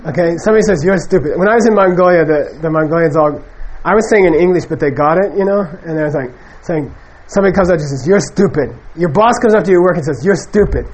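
Male Buddhist teacher, higher pitched, loose and animated lecture delivery. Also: quick pace, hardly any pauses, rough recording. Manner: conversational, animated, acts out quoted people. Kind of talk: casual spoken dharma lecture.

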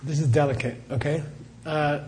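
A man's voice: fairly high pitch, steady tone, normal speed, a little mellow, a little hiss or hum. A middle-aged man, a Buddhist teacher, answering questions in a live talk as a chatty storyteller who laughs often and says "you know" a lot.

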